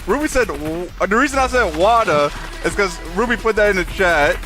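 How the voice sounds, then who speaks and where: A man's voice: high-pitched, expressive, normal speed, pushed and bright, faint music behind. A young man streaming a video game live, chatting casually, reading chat messages aloud and laughing often. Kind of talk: live gameplay commentary.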